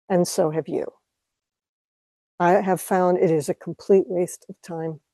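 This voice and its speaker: Woman, meditation teacher, calm reflective talk, mellow dark tone, dry close sound. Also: fairly low pitch, dry recording, poor audio. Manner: calm and reflective, with light laughs. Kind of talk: dharma talk to an audience.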